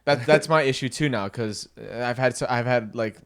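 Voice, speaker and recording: A man's voice: medium pitch, moderate pace. A man hosting a podcast, chatting casually and agreeably, thinking aloud as he talks. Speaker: podcast host.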